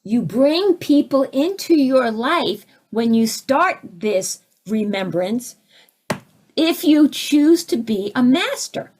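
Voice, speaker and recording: An animated woman teacher with a fairly high voice answers questions from her audience. She talks her points through by acting out small scenes and jumps between voices as she goes. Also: slow. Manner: animated, acts out little scenes with sudden swings in voice. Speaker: spiritual teacher.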